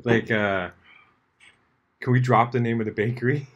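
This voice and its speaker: A man's voice: mid-range voice, fairly even intonation, normal speed, fairly bright tone, muffled recording. A man co-hosting a live stream, chiming in and laughing in casual chat. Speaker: stream co-host.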